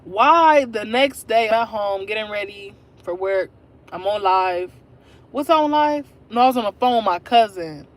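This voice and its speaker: A woman's voice: mid-range voice, normal speed. Chatty young woman telling a story live. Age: 20s. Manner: chatty, talks straight to viewers. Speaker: livestream host. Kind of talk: casual livestream storytelling.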